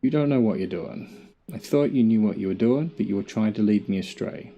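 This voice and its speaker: A man's voice: fairly low pitch, brisk, warm tone, muffled recording, a little hiss or hum. A middle-aged Australian man giving casual gameplay commentary, muttering to himself with dry, self-mocking jokes. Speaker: gamer.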